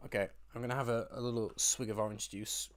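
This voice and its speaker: A man's voice: medium pitch, steady tone, fast. Man, live stream host, casual storytelling, rambling, restarts mid-sentence, mid-range voice. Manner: rambling, chatty, frequent restarts.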